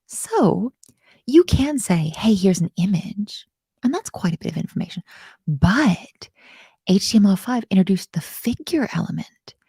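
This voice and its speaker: A woman's voice: mid-range voice, big pitch swings, normal speed, creaky, dark tone, husky, no room sound. A woman teaching web coding live, bubbly and self-mocking, often murmuring half-whispered asides. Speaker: coding instructor.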